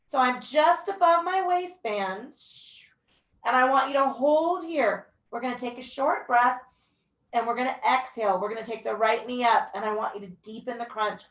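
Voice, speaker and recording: In an echoey space, a young woman's slightly high, somewhat bright voice carries from a distance at a moderate pace. She's a pilates instructor running a mat class, counting breaths and cheering people on with the occasional whoop.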